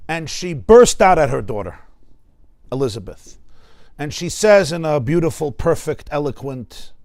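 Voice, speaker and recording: New york rabbi giving a torah class, emphatic, highish voice, dry close sound. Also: male voice, sing-song, measured pace, a little mellow, dry recording. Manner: emphatic, repeats words for stress, quotes Hebrew texts. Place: study hall class.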